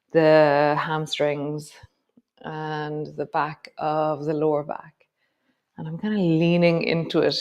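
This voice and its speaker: A woman teaching a yoga class, giving calm, slow movement cues with soft trailing words. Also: low voice, muffled recording. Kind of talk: guided yoga class instruction.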